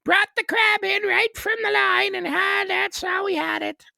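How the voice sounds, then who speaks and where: A man putting on a rowdy rural local with a Newfoundland and Ottawa Valley accent, in a shrill, hollering falsetto. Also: steady tone, unhurried, gravelly, bright, forceful tone, no echo, clean studio sound, full character voice. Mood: boisterous. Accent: Newfoundland mixed with Ottawa Valley.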